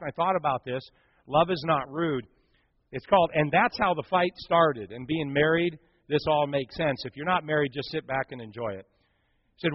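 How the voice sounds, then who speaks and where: A middle-aged man preaching a sermon, reading jokes aloud with animated, playful delivery. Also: fairly high pitch, no room sound, muffled recording. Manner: jokey, animated storytelling with punchlines. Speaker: pastor. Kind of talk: sermon with humor.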